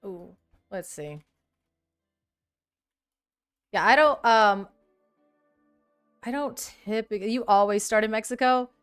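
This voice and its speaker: A woman's voice: mid-range voice, a little slow, clean tone, faint music behind. A woman in her thirties hosting a casual livestream, chatting animatedly and reading viewer comments aloud. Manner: animated, chatty, reads chat aloud, laughs often. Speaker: livestream host.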